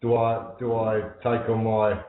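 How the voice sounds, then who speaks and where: A man's voice: lowish voice, level tone, measured pace. Reflective man on an echoey phone line. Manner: reflective, repeats words as he starts. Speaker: panelist. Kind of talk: casual panel discussion. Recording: tinny, echoey phone line with faint hiss.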